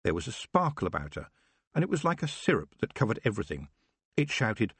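Husky low-voiced male narrator, expressive. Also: fairly quick, no room sound. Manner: expressive storytelling. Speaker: audiobook narrator. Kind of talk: scripted narration.

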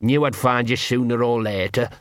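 Scruffy talking dog played by a male narrator, nervous and wordy, bit higher than plain speech, dry booth. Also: normal speed, no echo, close to an everyday voice. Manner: rambling, ungrammatical street talk, repeats himself.

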